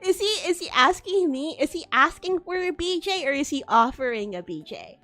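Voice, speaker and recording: A young woman streaming, telling a story in casual chat with lively delivery, frequent laughter and swearing. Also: sits high, normal speed. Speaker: VTuber streamer.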